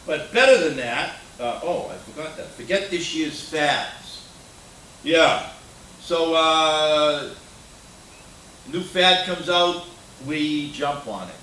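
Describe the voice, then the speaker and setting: Older male keynote speaker, bright tone, blunt and anecdotal, picked up from afar in an echoey hall. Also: on the high side, slight background noise. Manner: opinionated, anecdotal, with frequent uh fillers. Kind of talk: conference keynote talk. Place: conference hall. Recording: roomy hall sound from a distant mic.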